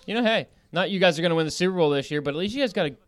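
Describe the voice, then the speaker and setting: A man's voice: sits high, lively intonation, racing. A man co-hosting a fishing podcast in casual chat, joking, rowdy and swearing freely. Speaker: podcast co-host.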